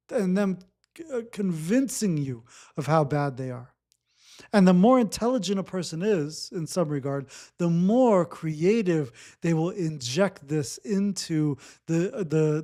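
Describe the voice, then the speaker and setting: Man, slightly high voice, unhurried, coaching breathwork with repeated instructions. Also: animated. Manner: slow, repetitive, gently instructive. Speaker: breathwork facilitator. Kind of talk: guided breathwork talk.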